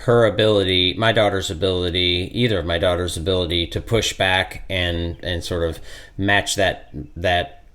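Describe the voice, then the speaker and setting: A man's voice: deep voice, steady tone, normal speed, a bit bright. A middle-aged man hosting a podcast interview, talking conversationally and thinking aloud as he builds his questions. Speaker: podcast host.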